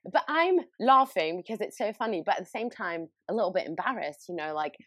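A woman's voice: medium pitch, big pitch swings, a little fast, fairly bright tone, slight background noise. A woman with a British accent, a podcast host telling a story in casual chat, laughing often. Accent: British English.

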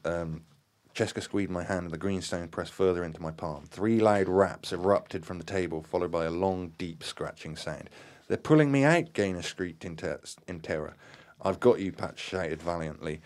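A man with a very deep voice reads a supernatural story aloud. He stumbles and restarts often, adds casual remarks, and bursts into loud acted-out shouts for the characters. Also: steady tone, normal speed, hardly any pauses. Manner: acts out shouted dialogue, many fillers and restarts. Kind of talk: reading aloud from a book with comments.

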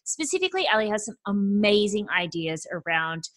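A woman's voice: medium pitch, very animated, brisk, a bit bright. A woman hosting a podcast interview, chatting in a bubbly, enthusiastic way. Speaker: podcast host. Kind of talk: casual interview chat.

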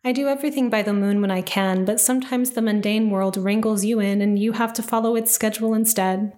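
A woman voicing a calm, mysterious wanderer. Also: mid-range voice, fairly quick, lightly acted. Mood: easygoing.

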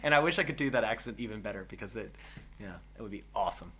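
A man's voice: lowish voice, animated, fast, fairly bright tone, slightly rough. A man co-hosting a casual chat, playful and laughing often. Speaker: podcast co-host.

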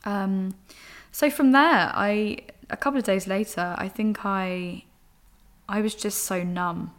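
A young woman hosts a podcast, speaking slowly in a medium-pitched voice. She gives a candid personal monologue, talking frankly and emotionally about her life and swearing casually.

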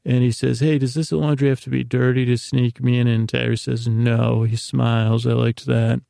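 Recorded close and dry without echo, a man's heavily gravelly mid-range voice wanders through a casual sleep-podcast recap. He stops and restarts often, uses many fillers, and keeps a flat, unhurried tone with little variation.

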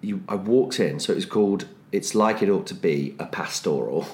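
A man with a somewhat low voice spins a comic anecdote in a meandering, filler-heavy way, breaking into the voices of the people in his story. The recording has a noticeable roomy echo. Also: moderate pace. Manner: animated, loose storytelling full of fillers, acting out other people's voices. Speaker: comedian and podcast co-host.

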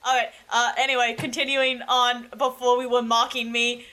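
A woman's voice: fairly high pitch, flat delivery, normal speed, sharp tone. A woman running a tabletop game, playful and bossy, laughing as she keeps the players moving. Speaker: game master. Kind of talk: casual tabletop game chat.

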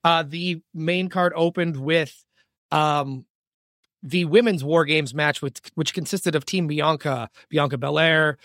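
Relaxed male podcast host, slightly high voice, dry close-mic sound, moves the chat along. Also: no echo. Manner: relaxed, steers the talk, fills pauses with "uh" and "um". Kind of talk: casual wrestling podcast chat.

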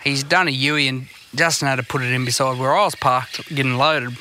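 A man's voice: mid-range voice, fairly even intonation, fairly quick, pushed and bright, slight background noise. A man telling sweary, rambling stories in casual chat. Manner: sweary storytelling.

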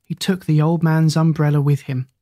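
A storyteller reading a folk tale in an even, measured way, now and then asking the listener questions, in a dry, close recording. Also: mid-range voice, dry recording. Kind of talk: scripted story narration.

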